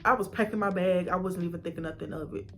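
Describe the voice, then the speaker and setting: Young woman, lower voice, animated storytelling vlog with whispered asides. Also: quick pace, soft background music. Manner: animated retelling, acting out her own past reactions with whispers and gasps. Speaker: vlogger.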